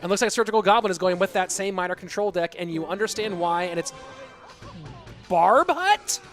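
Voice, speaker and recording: A man casting a live esports match, excitable and rambling, with chatty asides to the viewers. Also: high-pitched, fast talker, soft background music. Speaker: esports caster and streamer. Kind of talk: live esports commentary with chat reading.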